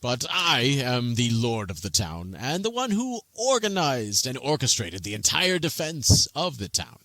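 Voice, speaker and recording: A man's voice: medium pitch, huge pitch swings, unhurried, bright, forceful tone, no echo, full character voice, rough recording. A man voicing a self-important, boastful male lord in a tabletop game. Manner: pompous.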